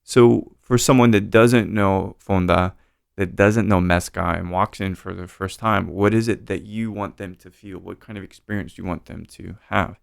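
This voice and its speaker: A man's voice: low voice, steady tone, normal speed, gravelly, smooth, no room sound, clean studio sound. A man hosting a podcast, chatting casually and encouraging his guest with questions. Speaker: podcast host.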